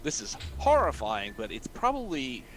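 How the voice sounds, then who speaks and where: Lively, joking man co-host. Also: mid-range voice, normal speed, a little hiss or hum. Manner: playful, jumps into joking quoted voices. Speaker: podcast co-host. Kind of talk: casual chat.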